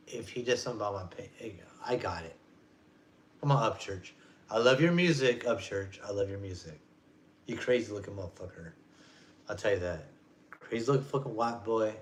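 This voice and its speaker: A man in his forties ranting casually on a vlog, rambling and profane, in loose street slang. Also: lowish voice. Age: 40s. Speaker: vlogger. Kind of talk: casual rant.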